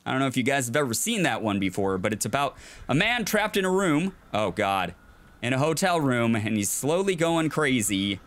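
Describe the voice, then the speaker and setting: A man's voice: mid-range voice, big pitch swings, normal speed, a bit bright. A man hosting a let's play, giving casual gameplay commentary, chatty and jokey, reacting aloud and chuckling often.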